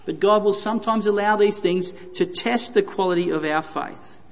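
A man's voice: high-pitched, normal speed, vocal fry. A man preaching a sermon, earnest and emphatic, repeating phrases for stress. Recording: reverberant hall.

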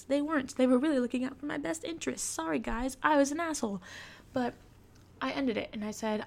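A young woman hosts her own podcast, recounting her past in a frank, confessional manner. Her voice sits a little high and carries plenty of vocal fry. She swears freely and talks plainly, like she is confiding in friends. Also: brisk. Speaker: podcast host. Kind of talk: candid personal storytelling.

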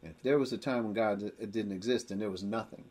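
Guy doing bible teaching, husky voice, slow careful explaining that climbs into emphatic points. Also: fairly low pitch, darkish tone. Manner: explains slowly, then builds to emphatic rising points.

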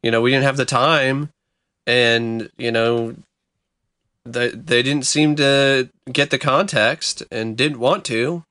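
A man's voice: mid-range voice, fairly even intonation, takes it slowly, sharp tone, no room sound. A man co-hosting a casual podcast chat, rambling and hedging with many restarts. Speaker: podcast co-host.

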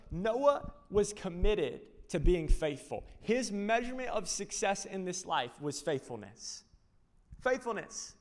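Animated male pastor preaching in a large church. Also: high-pitched, unhurried. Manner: animated, acting out scenes and quotes. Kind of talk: sermon. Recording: long reverb of a large church.

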